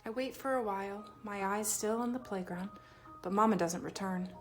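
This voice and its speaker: A woman reading a children's picture book aloud, expressive and animated, giving feeling to the child narrator. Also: medium pitch, moderate pace, faint music behind. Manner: expressive, voices the child's feelings with lively shifts. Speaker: storybook reader.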